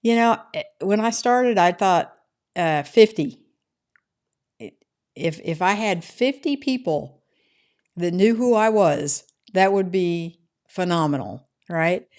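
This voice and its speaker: Her voice sits a little low and a little mellow, and she's animated but takes her time. This middle-aged woman runs a casual home livestream, wandering chattily through viewers' comments and frequently ending with "right?"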